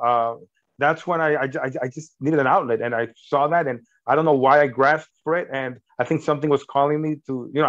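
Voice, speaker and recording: A man's voice: medium pitch, a bit bright. A middle-aged man, a filmmaker and actor, talking in a casual interview, earnest and rambling with many fillers and restarts. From United States. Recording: dull lo-fi audio.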